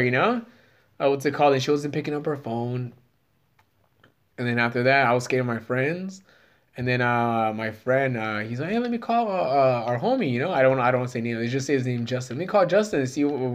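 A man's voice: medium pitch, fairly quick. A man in his thirties, a comedian guest telling a story in casual chat, profane and rambling with many fillers.

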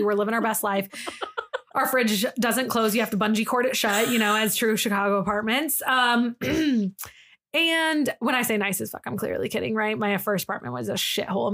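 A young woman co-hosting a podcast, telling a story in casual chat, animated, laughing often and acting out the people in it. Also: on the high side. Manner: animated, laughing, acts out quoted voices. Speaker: podcast co-host.

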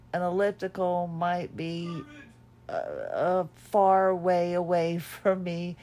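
A middle-aged woman hosting a podcast, talking in a reflective personal monologue, tired, emotional and halting, with many restarts, recorded at home. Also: on the low side, darkish tone. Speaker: podcast host.

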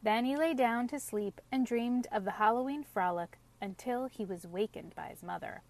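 A woman's voice: a little high, moderate pace, a little mellow. Woman reading a storybook aloud.

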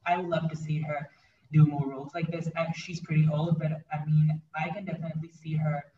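A man's voice: fairly high pitch, level tone, brisk, warm tone. A man talking casually about a film, hesitant, with many fillers and restarts. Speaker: guest film reviewer. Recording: roomy, distant, dull, faint noise.

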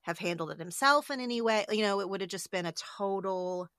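Middle-aged woman guest, bright tense voice, dry close sound, open and emotional. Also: medium pitch, brisk, no echo. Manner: candid, emotional, with many restarts. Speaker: podcast host being interviewed. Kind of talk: casual conversation.

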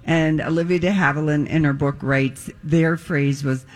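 A woman's voice: deep voice, steady tone, normal speed, soft background music. A woman co-hosting a live radio show, giving dry, teasing replies. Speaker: radio co-host. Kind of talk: live radio broadcast chat.

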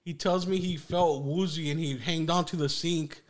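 A man guest telling a wild personal story in a podcast studio, swearing freely and talking in a loose, animated way. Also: a little high, moderate pace. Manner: profane, animated anecdote with lots of "like". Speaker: guest musician. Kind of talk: casual storytelling.

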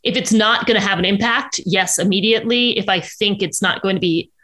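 A woman, a journalist guest on a podcast, talking casually in quick bursts with frequent restarts. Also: mid-range voice, bright, forceful tone. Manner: chatty, quick with many restarts.

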